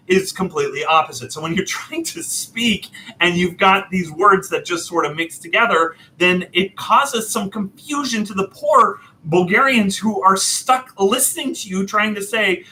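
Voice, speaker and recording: A man casually telling a personal story, animated and self-deprecating, laughing often. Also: sits high, moderate pace, hardly any pauses, a little hiss or hum, rough recording. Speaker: storyteller host.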